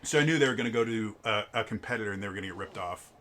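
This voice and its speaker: A man in his twenties telling an animated, casual story about his old retail job. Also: lowish voice, racing. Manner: animated, lively storytelling with restarts. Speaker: storyteller, former retail tech manager. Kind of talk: casual anecdote.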